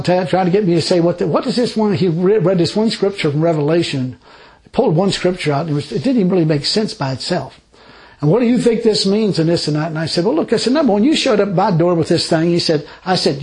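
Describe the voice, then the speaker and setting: A high-pitched man preaches in a casual, rambling way. He tells his own stories and keeps them animated, and he often laughs between lines. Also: low-quality recording. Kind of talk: informal sermon with personal stories.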